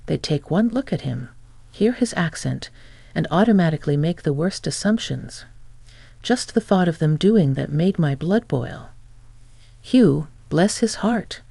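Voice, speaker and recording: Gravelly woman reading a dramatic story. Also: deep voice, no echo. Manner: expressive, acts out dialogue. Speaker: story narrator.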